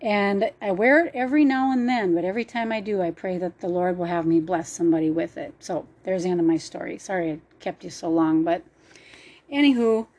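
A woman's voice: on the low side, a little fast, darkish tone. A woman telling a personal faith story in an earnest, emotional way. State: choked up at times.

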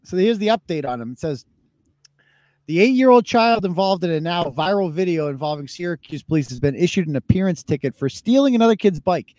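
A man's voice: high voice, expressive, brisk, darkish tone, no room sound. A man hosting a live podcast, commenting bluntly and mockingly on viral videos with plenty of swearing. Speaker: podcast host.

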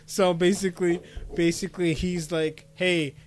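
A man's voice: sits high, moderate pace, fairly bright tone, slight background noise. A young man co-hosting a podcast, casually and animatedly retelling an anime episode and acting out the characters' lines. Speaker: podcast co-host.

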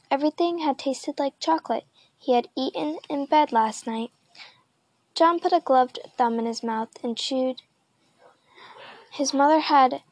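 A woman's voice: high-pitched, a little mellow, dry recording. Woman reading a children's book aloud. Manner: plain, unhurried reading with small slips. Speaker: audiobook reader.

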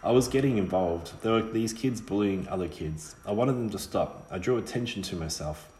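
A man voicing an earnest, quiet boy raised in a graveyard, in an audiobook. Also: on the low side, normal speed, reverberant, a little hiss or hum, close to an everyday voice.

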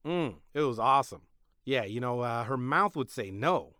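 A man's voice: medium pitch, animated, unhurried, dry recording, clean studio sound. Sarcastic man joking through a podcast monologue. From Mexican-American. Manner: sarcastic, joking, swings from loud to mumbled asides. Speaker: podcast host. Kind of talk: comedic monologue.

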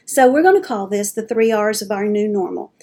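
A woman's voice: medium pitch, expressive, fairly quick, dark tone. A middle-aged woman giving an earnest, homespun, faith-based personal talk as a dementia advocate. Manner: earnest, homespun storytelling with folksy phrasing.

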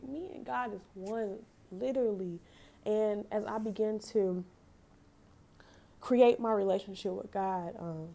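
In a casual devotional talk, a young woman hosting a faith podcast reads from scripture and reflects on it earnestly and emotionally, frequently correcting herself. Her voice is mid-range and mellow.

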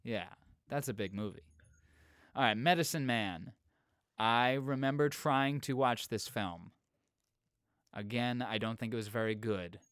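A man's voice: mid-range voice, measured pace, pauses often, a bit bright, dry recording, clean studio sound. A man co-hosting a casual podcast chat, reading through a list of films with musing asides. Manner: chatty, reads out film lists, musing asides. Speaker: podcast co-host.

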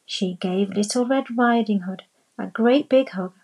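A woman narrating a children's storybook in a slow, deliberate reading voice. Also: medium pitch, a little mellow, slight background noise, poor audio.

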